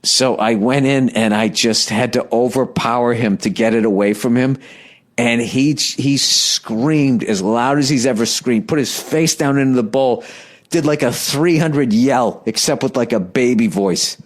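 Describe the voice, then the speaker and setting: A man's voice: medium pitch, a little slow. A man in his thirties telling a rambling comedic story with heavy profanity and lots of restarts. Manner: self-deprecating, animated retelling. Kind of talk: casual comedic monologue.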